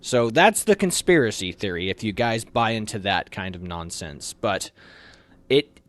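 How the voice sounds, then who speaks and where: A man's voice: lowish voice, animated, a little slow, fairly bright tone. A man co-hosting a local morning show, talking through national news in a rambling, conversational way with many restarts. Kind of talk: casual news chat.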